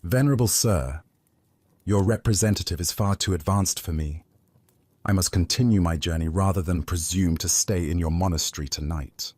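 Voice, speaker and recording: A man's voice: sits low, moderate pace, a little mellow, no echo. A man voicing an earnest wandering monk. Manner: earnest, respectful.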